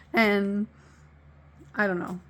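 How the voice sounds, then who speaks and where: A woman's voice: mid-range voice, level tone, very slow, fairly bright tone. Woman venting about her ex, raw and emotional, cusses a lot, laughs it off. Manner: emotional, swearing, laughing through pain. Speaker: vlogger. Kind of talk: candid personal storytelling.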